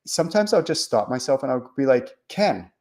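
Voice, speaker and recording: A man hosting a spiritual show, talking casually in a rambling, animated way with many fillers and restarts. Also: mid-range voice, a little fast. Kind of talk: casual teaching monologue.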